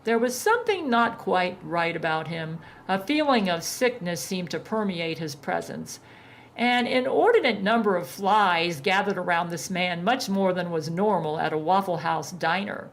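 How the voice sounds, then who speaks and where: A woman narrating a story in a deadpan reading voice. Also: fairly low pitch, normal speed.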